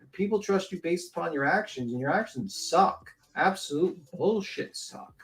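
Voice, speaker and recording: A man's voice: fairly high pitch, moderate pace. A man hosting a commentary show, ranting bluntly and scornfully with heavy swearing. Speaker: commentary channel host.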